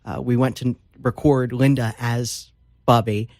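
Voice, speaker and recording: A man's voice: medium pitch, measured pace, no echo, studio quality. A man, an author and lawyer, talking as a guest in an interview, telling stories with many fillers. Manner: animated storyteller with fillers. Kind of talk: casual interview talk.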